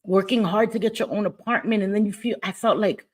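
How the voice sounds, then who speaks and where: A woman's voice: mid-range voice, steady tone, a little fast. A middle-aged woman hosting a livestream, tearful and apologetic as she tells a personal story, repeating phrases as she goes. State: crying. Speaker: livestream host.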